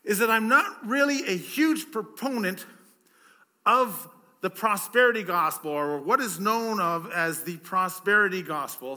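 A male pastor delivers a conversational sermon. His voice sits high and sounds strikingly bright. He leans on rhetorical questions and often repeats words as he goes.

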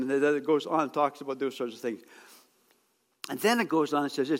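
High-voiced preacher in a reverberant hall. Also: male voice, moderate pace. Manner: conversational preaching that swings to shouted exhortation. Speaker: pastor. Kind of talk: sermon. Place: church hall. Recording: long church-hall reverb.

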